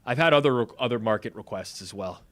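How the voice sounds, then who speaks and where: Male co-host, casual banter, animated swings in pitch, joking and quick. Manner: lively, animated, jokey banter. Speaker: co-host of a sports betting watch-along. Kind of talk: casual live game chat.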